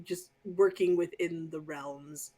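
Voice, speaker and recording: A woman's voice: deep voice, fairly even intonation, slow pace, dark tone. A woman co-hosting a podcast who talks passionately and casually as a fan, with lots of fillers and the odd swear word. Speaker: podcast co-host. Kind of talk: casual chat.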